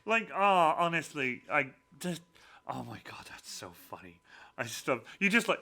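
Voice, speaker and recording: Man, livestream host, very bright sharp voice, lively pitch, excitable, gushing. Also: gravelly. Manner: excitable, gushing and quick to laugh. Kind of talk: casual livestream Q and A.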